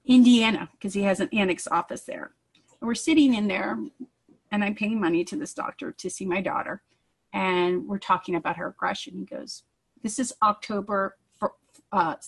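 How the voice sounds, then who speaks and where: Woman, mother, earnest personal testimony, chatty storytelling, mid-pitched voice. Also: creaky, rough recording. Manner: earnest, acts out quoted dialogue. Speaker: parent giving a testimonial.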